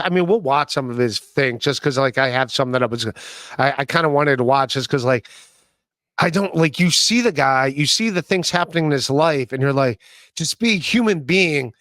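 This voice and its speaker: A man's voice: mid-range voice, fairly quick, a bit bright, no room sound, clean studio sound. A man hosting a podcast, talking casually in a rambling way, with many fillers and restarts. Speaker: podcast host. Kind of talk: casual chat.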